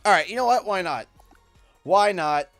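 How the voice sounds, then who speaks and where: A man's voice: high voice, expressive, moderate pace, a bit bright, soft background music. A man with a Canadian accent, casually commentating a live gaming stream and rambling to himself as he clicks through menus.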